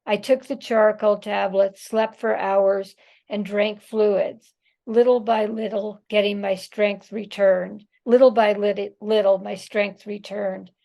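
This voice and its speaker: A woman reads her own writing aloud, slowly and with care. Her voice has a gravelly, creaky edge, and her reading is measured and expressive. She is on a video call. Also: medium pitch. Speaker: author.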